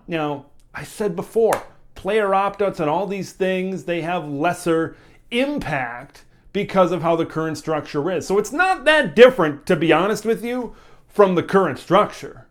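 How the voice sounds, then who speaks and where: A man's voice: high-pitched, moderate pace. A young man hosting a college football opinion vlog, talking casually and emphatically, hammering home his points. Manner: animated, emphatic, repeats key points.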